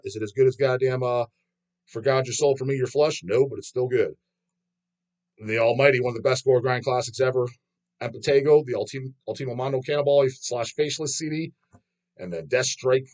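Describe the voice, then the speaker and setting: A man's voice: medium pitch, a little fast, darkish tone. A man hosting a metal music channel in a casual rant, swearing constantly. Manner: profane, ranting, swears constantly.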